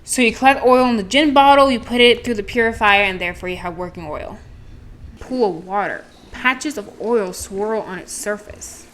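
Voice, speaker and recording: A woman's voice: medium pitch, moderate pace, a bit bright, slight background noise. A woman streaming a game, reading its text aloud and chatting with self-deprecating asides. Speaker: gameplay streamer. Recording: game music playing behind.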